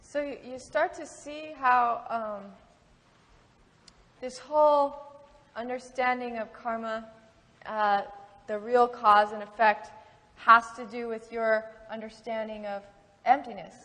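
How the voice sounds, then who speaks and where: Slow-speaking woman teaching in a hall. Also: on the high side, fairly even intonation, a bit bright. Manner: slow, thoughtful, with fillers. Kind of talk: lecture. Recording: long hall reverb.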